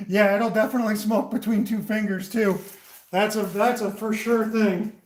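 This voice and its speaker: A woodturner streams live from his workshop, chatting casually with viewers while he works at the lathe. His voice is fairly high for a man, steady in tone and a little slow, and he greets people by name and reads their comments aloud. The camera sits beside the lathe, and the roomy workshop gives the audio an echo.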